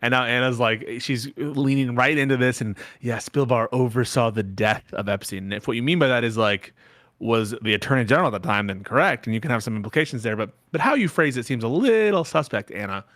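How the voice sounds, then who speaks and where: Sarcastic man with lively pitch. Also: fairly quick, no room sound, studio quality. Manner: sarcastic, joking. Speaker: stream guest commentator. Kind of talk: casual reaction commentary.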